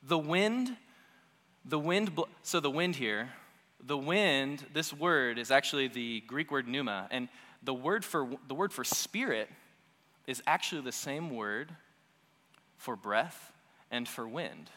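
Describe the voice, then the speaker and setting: A male preacher delivering a sermon with a lively, widely swinging, fairly high voice. His tone is bright and forceful, and he often repeats phrases for emphasis. A long reverb from the church hall trails behind each line. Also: unhurried. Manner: conversational, animated teaching with repeated phrases.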